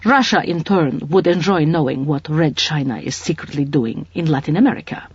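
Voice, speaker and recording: A composed male colonel, as a narrator puts him on in an audiobook, choosing each formal word with bland care. The voice is husky and breathy. The recording is dull and dry. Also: medium pitch, moderate pace, dry recording, lightly acted. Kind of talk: audiobook reading.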